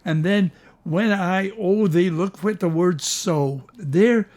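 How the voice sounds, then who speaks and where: An older man hosting a casual chat, explaining hymn harmony with enthusiasm, sometimes slowing down for emphasis and humming bits of melody. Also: high-pitched, a little mellow. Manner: enthusiastic, sings melody fragments, slows for emphasis. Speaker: host, music teacher.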